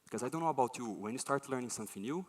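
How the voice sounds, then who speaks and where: This conference speaker talks very fast at a medium pitch. As he tells his stories, he performs the voices of whatever people and things he's quoting, keeping it lively.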